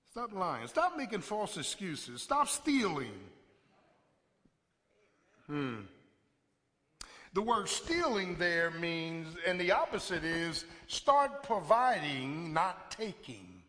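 A man preaching in a church with a high, bright, sharp-edged voice. He drags out his phrases slowly, then erupts into loud emphatic bursts and calls out to the congregation. The live recording carries a long hall echo. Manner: animated preaching, call-and-response, sudden loud bursts. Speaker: pastor. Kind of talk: sermon. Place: church sanctuary. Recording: live sermon audio in a reverberant hall.

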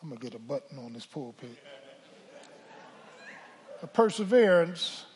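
An older man preaching a sermon from the pulpit, calling for a witness and swinging from hushed asides to shouts. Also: medium pitch, steady tone, rapid-fire, noisy background. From Philadelphia. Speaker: pastor. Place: church sanctuary. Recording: church hall reverb.

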